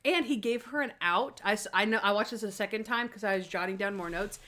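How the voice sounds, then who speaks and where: Speaking fast in a sharp, mid-range voice, this podcast co-host keeps the conversation casual. Her scene retellings are animated, she performs the quoted lines, and "like" turns up constantly as a filler.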